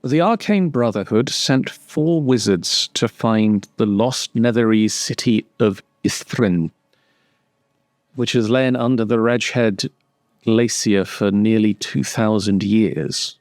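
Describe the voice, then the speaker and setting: A man's voice: on the low side, slow, darkish tone, dry recording, clean studio sound. A man voicing the stuffy, prim spirit of an old male wizard trapped in an orb.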